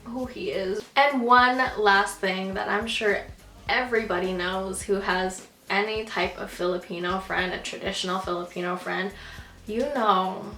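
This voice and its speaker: A woman's voice: mid-range voice, fairly even intonation, unhurried, pushed and bright, soft background music. Sassy young woman vlogging in an echoey room. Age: 20s. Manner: sassy, emphatic, casually profane. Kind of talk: casual to-camera comedy vlog. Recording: roomy echo.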